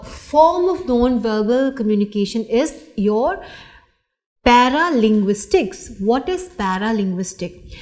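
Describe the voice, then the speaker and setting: Slow, hesitant woman lecturer. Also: fairly high pitch, darkish tone. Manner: slow and deliberate, with many fillers and restarts. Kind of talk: recorded lecture.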